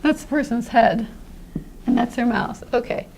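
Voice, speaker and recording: High-voiced woman teaching pronunciation. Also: normal speed, gravelly, darkish tone, slight background noise. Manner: friendly, explanatory, models sounds aloud. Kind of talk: classroom-style explanation.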